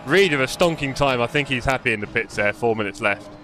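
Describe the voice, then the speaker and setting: A man's voice: medium pitch, animated, quick pace, bright, forceful tone, slight background noise. A man, live-streaming a sim race with chatty, jokey commentary and muttering while he adjusts his car setup.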